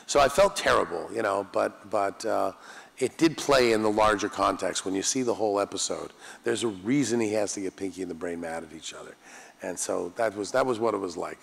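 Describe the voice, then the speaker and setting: A man's voice: lowish voice, fairly quick, gravelly, fairly bright tone. An older man, a voice actor guest at a convention panel, telling self-deprecating anecdotes in a chatty way. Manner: self-deprecating, chatty, restarts mid-sentence. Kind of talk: anecdotal Q&A storytelling. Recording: long hall reverb.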